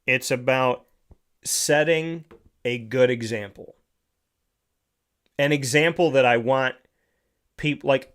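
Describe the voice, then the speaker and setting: A man's voice: medium pitch, fairly bright tone. Male host, motivational monologue; lectures the listener, leans on rhetorical "right?" asides. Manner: lecturing with rhetorical questions, often asks "right?".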